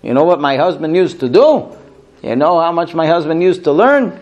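A man's voice: lively intonation, moderate pace, a little mellow, lo-fi sound, natural voice. A man putting on a pleading grieving widow. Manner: high, pleading, rising with emotion.

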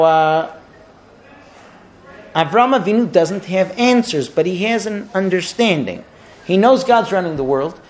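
A man telling a Torah lesson to a group outdoors, animated and full of rhetorical questions. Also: high voice, slight background noise. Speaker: Torah teacher guiding a group. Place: outdoors at a holy site.

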